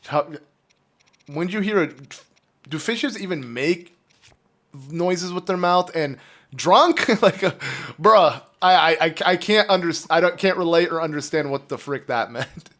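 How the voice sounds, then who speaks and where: A man streams a game from home, talking on and on to his chat in a loose, rambling way. His voice sits a little high for a man. His throat is phlegmy and keeps needing a clear. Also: expressive, measured pace, a bit bright. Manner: rambling, chatty, talks to chat. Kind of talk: casual live gameplay commentary.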